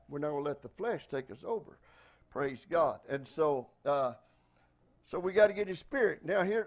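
A pastor with a Southern US accent from Texas, preaching a folksy, emphatic sermon with frequent praise-God interjections. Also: male voice, fairly high pitch, creaky.

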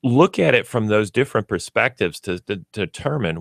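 Low-voiced man explaining pet training. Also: expressive, moderate pace, vocal fry, no room sound, studio quality. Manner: explanatory, uses everyday examples and acts out pets. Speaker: pet store expert guest. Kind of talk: radio talk show. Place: radio studio.

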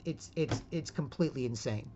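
This vlogger rambles through a casual monologue, repeating words, tagging sentences with "right?" and slipping into put-on quotes. His voice is mid-range and fairly quick, captured in lo-fi sound over a noisy background.

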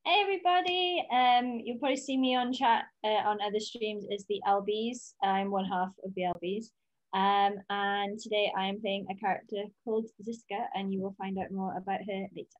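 A woman's voice: mid-range voice, steady tone, normal speed, dull audio. Friendly woman, guest player. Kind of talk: casual stream introduction.

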